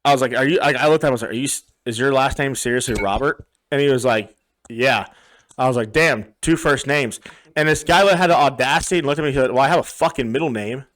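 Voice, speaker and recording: A man's voice: medium pitch, fast talker, a bit bright. A young man co-hosting a podcast, telling rambling bar stories in casual chat, swearing a lot and acting out what people said. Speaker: podcast co-host.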